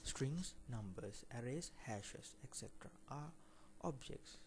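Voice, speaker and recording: Slow, gravelly man explaining code. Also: mid-range voice, expressive, a little hiss or hum. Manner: reads code aloud line by line, plainly explaining. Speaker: programming instructor. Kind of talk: screen-recorded coding tutorial.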